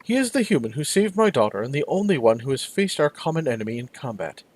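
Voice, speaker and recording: A man voicing a stern, wealthy older father in a video game, speaking low and clipped. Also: very animated, fast talker, darkish tone, dry recording. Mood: formal.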